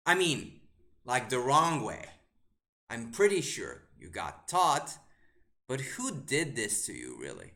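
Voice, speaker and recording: A man's voice: mid-range voice, huge pitch swings, a little slow, creaky, bright, forceful tone. A man, a chess grandmaster streaming live, commentating a game while firing exasperated rhetorical questions at the board and muttering move lines to himself.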